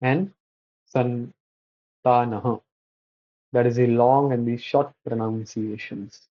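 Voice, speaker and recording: Halting man lecturing on scripture, lo-fi. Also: mid-range voice. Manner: halting, many restarts and self-corrections. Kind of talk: slide-based religious lecture. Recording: dull lo-fi recording.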